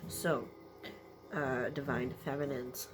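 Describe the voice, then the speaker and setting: Teary, soft-spoken woman reader. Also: extremely low pitch, fairly even intonation, takes it slowly, very noisy. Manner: emotional, sniffly, trailing off, laughing through tears; tired, late at night. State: teary and congested from crying. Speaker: tarot energy reader. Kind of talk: late-night solo reading to camera.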